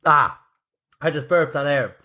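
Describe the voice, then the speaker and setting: A man's voice: a little high, measured pace, sharp tone. A young man co-hosting a podcast in casual, joking chat. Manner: playful, jokey, puts on hype voices. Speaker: podcast co-host.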